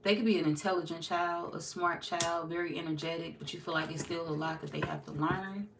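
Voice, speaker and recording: A woman's voice: on the low side, steady tone, a little fast, very noisy. A woman giving a casual, chatty tarot reading to her viewers, laughing often and slipping into playful quoted voices. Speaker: tarot reader.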